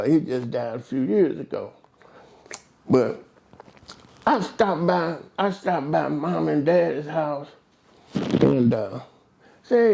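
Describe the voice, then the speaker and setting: A man in casual conversation telling long, animated stories, acting out quoted voices and often stumbling over and repeating words. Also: on the high side, vocal fry. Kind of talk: casual storytelling chat.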